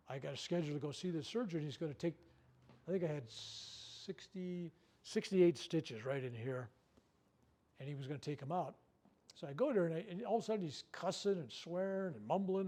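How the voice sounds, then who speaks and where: An older man giving a workshop talk, telling a personal story with lively acted-out quotes and repeated words. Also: a little high. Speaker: workshop speaker. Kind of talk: storytelling talk to a live group.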